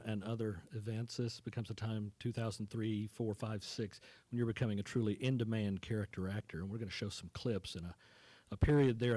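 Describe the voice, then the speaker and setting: Male moderator at a cinema event; mellow tone, measured with hesitations, dry close sound. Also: mid-range voice, no echo. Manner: measured, with frequent uhs and restarts. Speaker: moderator and film critic. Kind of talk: onstage interview questions. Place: cinema stage before an audience.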